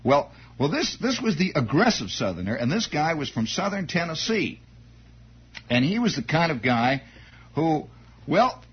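A man's voice: fairly high pitch, slightly rough. A man telling a rambling army anecdote on air, digressive, with repeated words and wry asides. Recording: dull lo-fi recording.

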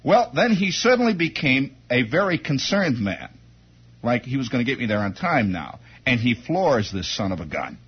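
A man telling a comic first-person story on the radio, animated and full of sound effects and acted-out voices. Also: mid-range voice, moderate pace, slightly rough. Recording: dull lo-fi old radio broadcast with faint music.

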